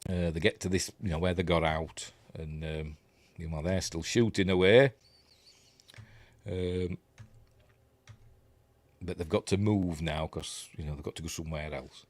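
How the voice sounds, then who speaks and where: A man's voice: sits low, fairly even intonation, a little slow, pauses often, dry recording. A Yorkshire man giving a casual, rambling scene-by-scene commentary on a film, often correcting himself and chuckling. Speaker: film reviewer.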